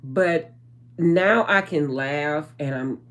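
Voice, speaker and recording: Speaking slowly in a deep voice, a woman relays channeled spiritual messages to her vlog audience. Her manner is chatty and casual; she addresses everyone as "guys" and lets sentences fade out with "um."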